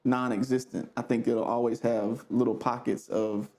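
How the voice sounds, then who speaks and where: A man hosting a podcast speaks reflectively and stops often for fillers. His voice has a gravelly rasp and a dark, relaxed tone. The talk is loose and casual. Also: medium pitch, moderate pace. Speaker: podcast host. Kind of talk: casual conversation.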